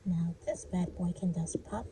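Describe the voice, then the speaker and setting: A woman's voice: fairly low pitch, normal speed, mellow, slight background noise. A young woman narrating her craft project in a chatty, self-deprecating way, sometimes dropping to a whisper. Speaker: crafting vlogger.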